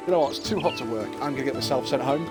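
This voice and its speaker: A man's voice: medium pitch, racing, over loud music, natural voice. A man putting on the voice of a silly little girl in a joke he tells. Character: little girl faking illness to skip work.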